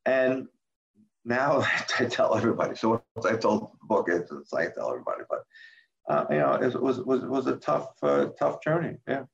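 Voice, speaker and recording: An older man speaking as a guest about his life, halting and repeating words, acting out quoted lines in a livelier voice. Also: mid-range voice, vocal fry. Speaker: guest, author and former medical center president. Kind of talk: candid interview talk. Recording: dull roomy remote recording.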